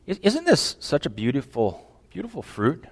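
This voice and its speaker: A preacher putting on a hushed coaxing serpent. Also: male voice, on the high side, huge pitch swings, normal speed. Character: sly smooth-talking serpent, male, tempter. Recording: long hall reverb.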